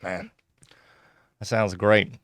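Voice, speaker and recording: A man's voice: fairly low pitch, flat delivery, takes it slowly, dry recording. A man hosting a podcast interview, easygoing and loose in his talk. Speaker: podcast host. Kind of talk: casual interview chat.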